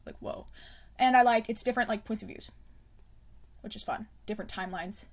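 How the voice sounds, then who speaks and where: Chatty, giggly young woman with a fairly high voice. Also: fairly quick. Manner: chatty, giggly, rambling with many ums and likes; soft self-conscious asides, drifting into whispers. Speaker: book vlogger. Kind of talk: casual chat.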